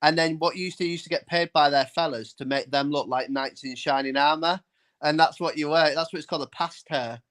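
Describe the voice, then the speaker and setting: A man's voice: fairly high pitch, steady tone, brisk, fairly bright tone. Joking man in casual banter. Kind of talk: casual chat.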